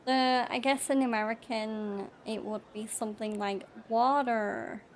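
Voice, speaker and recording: A woman's voice: fairly high pitch, steady tone, moderate pace, slight background noise. A young woman chatting casually and rambling through let's-play commentary, often restarting her sentences. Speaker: gaming YouTuber.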